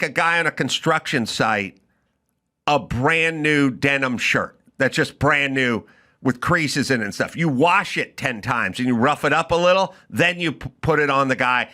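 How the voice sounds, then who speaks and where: A man hosting a comedy talk show, telling an animated, ranting story in a studio. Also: a little high. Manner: animated, ranting, yelling in retold scenes. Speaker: host.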